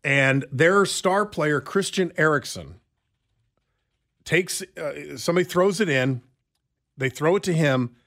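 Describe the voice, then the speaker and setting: A middle-aged man co-hosting a talk show, telling a story with stammered restarts and lively bursts. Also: fairly high pitch, slow pace, pauses often. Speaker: radio show co-host. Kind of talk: casual chat.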